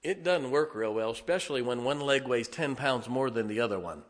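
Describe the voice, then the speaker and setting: A man preaching, telling a folksy, animated, self-mocking story from the pulpit. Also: medium pitch, fairly quick. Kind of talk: storytelling sermon. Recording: long reverb of a large hall.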